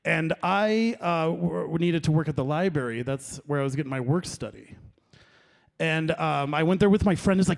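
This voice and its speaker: A man performs a stand-up set at an open mic, and his voice sits a little high. He rambles through his stories, pokes fun at himself and talks with the audience as he goes. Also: expressive, moderate pace, gravelly, a little mellow. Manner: rambling, self-deprecating, crowd work. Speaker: stand-up comedian. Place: comedy open mic in a venue.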